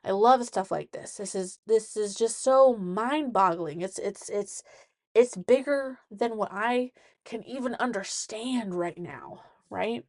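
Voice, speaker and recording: A woman hosting a solo podcast from inside a small closet, talking in an excitable, rambling way with many restarts. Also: medium pitch, slow, no room sound, studio quality. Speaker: podcast host.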